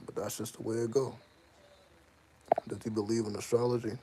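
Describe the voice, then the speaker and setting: A man's voice: fairly low pitch, little pitch movement, a little fast, heavy background noise. A man talking casually to the camera about his life, loose and slangy, often repeating himself and asking "you know what I mean". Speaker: channel host. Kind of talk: casual spoken monologue.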